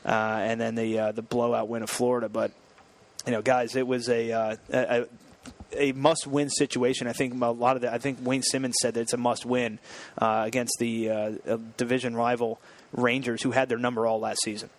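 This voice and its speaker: A man's voice: mid-range voice, flat delivery. Chatty man hosting sports radio. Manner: chatty, halting with many fillers. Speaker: station manager and show host. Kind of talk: casual sports talk radio.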